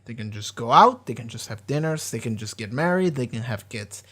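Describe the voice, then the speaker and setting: A man's voice: mid-range voice, expressive, fairly quick, a bit bright, husky. A man hosting a casual TV reaction, talking in a rambling way, full of fillers and casual swearing. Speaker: show reaction host.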